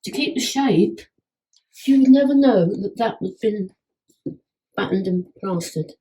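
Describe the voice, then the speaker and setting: A woman with an expressive, warm, breathy mid-range voice speaks at a measured pace, recorded roughly. Chatting casually in her home, she enthusiastically praises the work done on her house, frequently starting sentences over.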